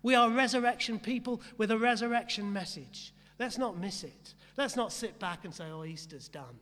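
A man's voice: very high-pitched, normal speed, a bit bright, in a large hall. A man preaching a sermon with rhetorical questions and repeated emphatic phrases, speaking. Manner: rhetorical, repetitive emphasis, asks the congregation questions. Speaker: pastor.

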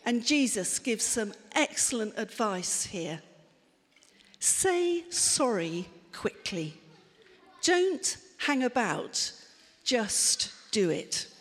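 Woman preacher, high voice, slow delivery, expressive, long hall reverb. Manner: expressive, acts out angry and soothing replies. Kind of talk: interactive sermon.

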